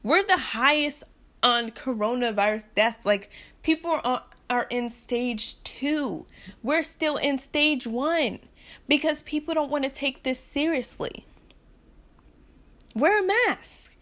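A woman's voice: high-pitched, fairly bright tone. Frustrated young American woman ranting. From United States. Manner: impassioned and frustrated, blunt and repetitive, nervous laughs between points. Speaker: vlogger. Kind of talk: political rant to camera.

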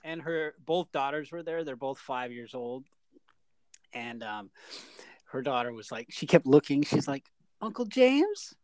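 A man with a mid-range voice co-hosts a podcast, speaking a little slowly as he tells stories in casual chat and acts out the quotes like an animated storyteller. The recording is low quality with no echo.

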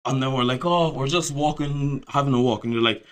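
A man, telling a story on a podcast in a casual, animated way, swearing and laughing as he goes. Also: medium pitch, brisk, clear, resonant tone. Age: 20s. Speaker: podcast host.

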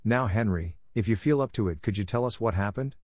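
A man's voice: lowish voice, fairly quick, a little mellow, no echo, clean studio sound, natural voice. A man doing a kindly motherly dog. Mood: reassuring. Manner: earnest, pleading.

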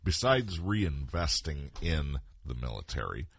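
A man's voice: very deep voice, very animated, measured pace, creaky, husky. A man co-hosting a podcast, chatting casually, agreeable with blunt asides. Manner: agreeable, short interjections, blunt remarks. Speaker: podcast co-host. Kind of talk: casual political chat.

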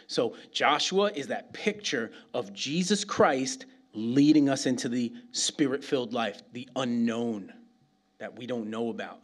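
A middle-aged man from New York City, preaching a sermon full of humorous stories, laughing often and asking "right?" again and again. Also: mid-range voice. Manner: animated, laughs often, asks "right?" constantly. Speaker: pastor.

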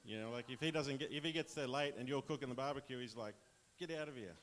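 A man's voice: mid-range voice, fast talker, fairly bright tone, a little hiss or hum. An Australian man casually sharing a personal testimony with his church, chatty and rambling, often laughing.

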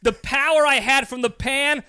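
A man hosting a podcast, telling a story in a casual chat in an animated way, acting out scenes and laughing often. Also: very high-pitched, normal speed. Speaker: podcast host.

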